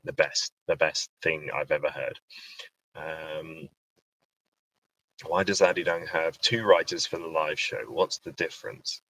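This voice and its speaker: A man's voice: low-pitched, pushed and bright, no echo, rough recording. A man hosting a casual livestream, chatty and reading out viewer questions. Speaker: radio host. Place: indoor home livestream.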